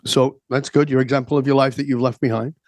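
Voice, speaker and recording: A man working as a transformation coach, telling stories emphatically and acting out quick back-and-forth dialogue in conversation. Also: mid-range voice, level tone, darkish tone, no echo. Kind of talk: animated storytelling in conversation.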